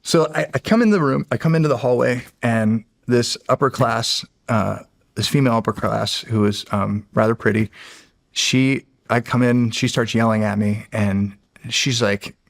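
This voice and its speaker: A middle-aged man spinning a casual anecdote with a gravelly, fry-tinged voice. His delivery is animated, with frequent restarts and laughter. His pitch sits at an ordinary middle level. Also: normal speed. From United States. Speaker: podcast guest, former Navy SEAL. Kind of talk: casual storytelling.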